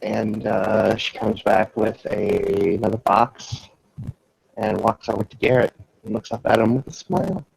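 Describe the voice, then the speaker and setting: A man player describing his character's actions in a halting, gentle way. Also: fairly low pitch, steady tone, vocal fry, slight background noise, poor audio. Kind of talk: describing actions in a tabletop game.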